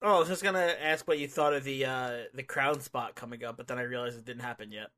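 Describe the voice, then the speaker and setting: A man's voice: mid-range voice, fast talker, bright, forceful tone. A man in casual chat reviewing a wrestling match, laughing along and adding short agreeing replies. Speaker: podcast co-host.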